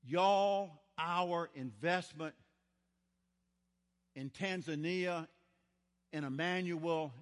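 An older man preaches in a large church. His voice sits high and his delivery is slow and unhurried, dropping to a hush and then rising loud as he tells his stories. Long reverb from the hall trails every phrase. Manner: storytelling, folksy, dramatic swings in loudness. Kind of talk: sermon.

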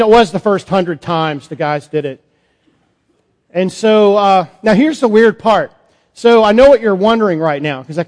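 A man, a priest, performing a first-person Bible monologue in a sermon, conversational and halting with fillers. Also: sits high. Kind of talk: dramatic monologue as Peter in a sermon. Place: church sanctuary. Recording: long church reverb.

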